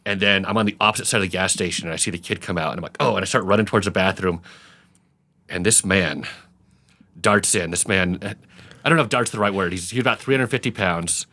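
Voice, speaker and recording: A man's voice: low voice, quick pace. A man co-hosting a podcast, telling a road-trip story in casual chat, laughing often and acting out what people said. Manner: animated, laughs often, acts out quoted voices. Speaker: podcast co-host.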